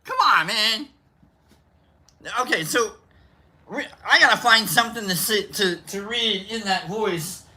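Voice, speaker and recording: A man's voice: high voice, lively intonation, a little slow, long pauses, bright, forceful tone. A man hosting a casual livestream chat, joking and rambling with self-mocking humor. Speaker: host.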